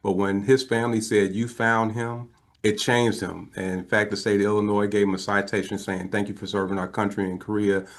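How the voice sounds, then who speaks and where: A man in his fifties speaks as an interview guest, telling a personal story in a fairly low voice. He is animated and earnest, and he slips into quoted voices as he goes. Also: brisk. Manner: emotional, earnest.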